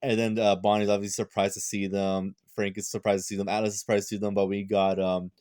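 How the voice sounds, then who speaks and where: A tired young man reviewing a manga chapter in a casual, rambling chat, full of fillers and quick restarts. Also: lowish voice, little pitch movement, a little mellow, clear, resonant tone, no room sound, clean studio sound.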